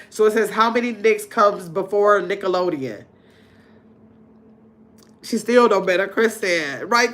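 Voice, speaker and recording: A woman's voice: mid-range voice, fairly bright tone. A middle-aged woman hosting a casual livestream game night, reading viewer comments aloud and chatting with a laugh. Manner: chatty, laughs often, talks straight to viewers. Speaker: livestream host.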